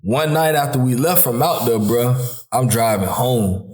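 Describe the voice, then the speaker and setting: A man hosting a podcast who talks through fatherhood in a relaxed, heartfelt chat, often calling his friend "bro". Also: medium pitch, unhurried. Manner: informal Southern US speech, calls listener "bro". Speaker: podcast host. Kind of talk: casual heartfelt conversation. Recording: echoey room.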